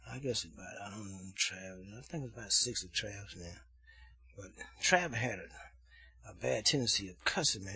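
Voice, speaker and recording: A man's voice: fairly low pitch, a bit bright, slightly rough, dry recording. A man telling a story in a casual, rambling way, peppering his talk with filler asides.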